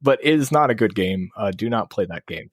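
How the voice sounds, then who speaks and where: A man joining a podcast as a guest in casual chat, giggly and quick to laugh. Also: on the low side, animated, no echo, studio quality.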